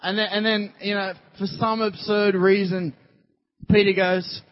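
A man's voice: high-pitched, level tone, a little slow. A man preaching a sermon in a rambling, conversational way, full of fillers. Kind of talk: sermon storytelling. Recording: dull lo-fi recording.

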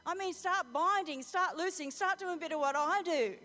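A woman's voice: very high-pitched, moderate pace, sharp tone, voice pushed up. A woman preacher voicing Jesus as a fatherly, coaxing man handing over responsibility, in a sermon. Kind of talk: sermon with acted retelling. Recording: reverberant hall, faint music.

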